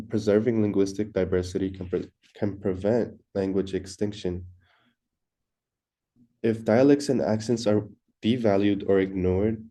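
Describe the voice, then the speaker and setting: A man's voice: on the low side, dark tone. A young man reading a class presentation from a script, stumbling and restarting words now and then. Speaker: student presenter.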